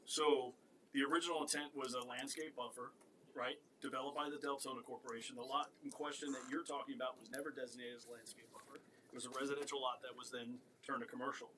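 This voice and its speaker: Bright-voiced commissioner explaining calmly. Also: male voice, medium pitch, slight background noise, low-quality recording. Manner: measured, explanatory, with fillers. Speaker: county commissioner. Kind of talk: public meeting debate.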